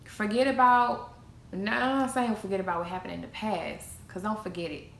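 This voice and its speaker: Emphatic woman vlogger with a gravelly edge. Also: mid-range voice, normal speed. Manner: preachy, emphatic repetition. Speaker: motivational vlogger. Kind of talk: casual motivational talk. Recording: echoey room, faint noise.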